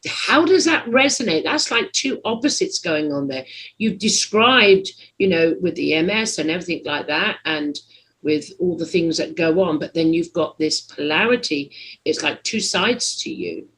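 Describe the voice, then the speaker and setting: A husky podcast host talks at length in a loose interview, hunting for words and teasing the guest. Pitch and loudness leap up and drop away as the thoughts tumble out, sitting in a middle register overall. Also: expressive, moderate pace, poor audio. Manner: rambling, searching for words, teasing; big swings in pitch and loudness. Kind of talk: conversational interview.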